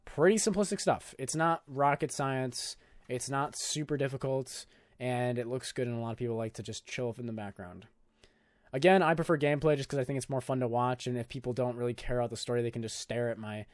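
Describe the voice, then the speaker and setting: A young YouTube tutorial host talks a little fast in a mid-range voice, captured with a dry, clean studio sound. He's walking through a casual screen-recorded video editing tutorial in a loose, jokey way packed with filler.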